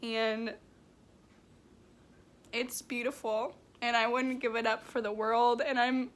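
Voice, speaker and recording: A woman working as a medium, talking emotionally in a vlog, close to tears, halting with many restarts and fillers. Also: on the high side, flat delivery, a bit bright.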